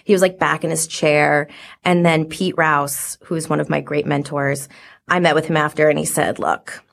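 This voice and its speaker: A woman's voice: low-pitched, little pitch movement, normal speed, creaky. A woman in her forties, a podcast guest telling stories in casual chat, full of "like" fillers. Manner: chatty storyteller, many "like" fillers.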